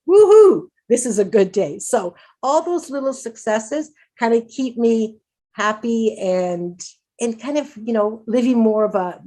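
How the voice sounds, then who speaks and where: Middle-aged woman, patient advocate at a conference; upbeat, chatty, quick laughs, frequent restarts. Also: medium pitch, a little mellow. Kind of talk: conference presentation.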